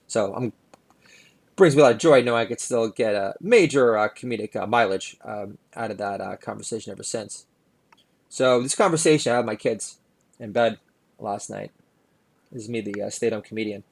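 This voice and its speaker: With a fairly low, fry-tinged voice, a middle-aged man delivers a sardonic, wandering monologue on the podcast he hosts as a comedian. He moves at a moderate pace with long pauses and keeps filling space with "uh."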